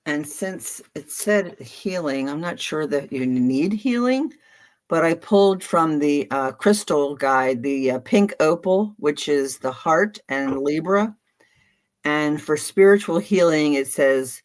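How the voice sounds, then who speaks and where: Low-voiced woman reading cards calmly. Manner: calm, reads affirmations slowly. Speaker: card reader. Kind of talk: casual chat and reading aloud.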